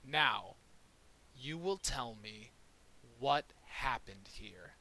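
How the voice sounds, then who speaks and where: A man voicing a stern, authoritative male ship captain who speaks gravely and slowly in a tabletop game. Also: medium pitch, animated, sharp tone, full character voice, low-quality recording.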